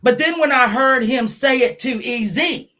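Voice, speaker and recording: A woman ranting angrily on a live stream from her car, scolding and swearing, with bursts of shouting. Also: high-pitched, unhurried. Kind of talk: angry live-stream rant.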